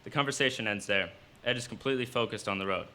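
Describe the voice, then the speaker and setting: A man reading his own fiction aloud at a live cafe event, in steady storytelling narration. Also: on the low side, fast.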